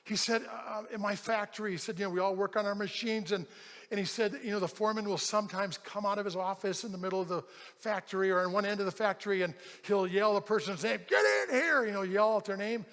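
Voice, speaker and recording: A man's voice: high-pitched, fast. A man preaching a sermon as a pastor, telling a story with animation and acting out the people in it. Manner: animated storyteller, acts out quoted voices. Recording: large hall with long reverb.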